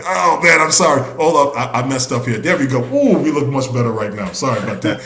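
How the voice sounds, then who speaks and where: Man host, mid pitch, lively and chatty, echoey room sound. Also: brisk, crowd noise. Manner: animated, many restarts and shout-outs. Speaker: host of men's ministry live stream. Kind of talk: upbeat casual hosting.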